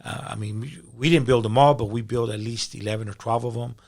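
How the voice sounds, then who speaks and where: Gravelly-voiced male pastor telling his testimony. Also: medium pitch, steady tone, a little fast, a little mellow. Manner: emotional, repeats words when moved. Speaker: pastor, podcast guest. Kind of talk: personal testimony in conversation.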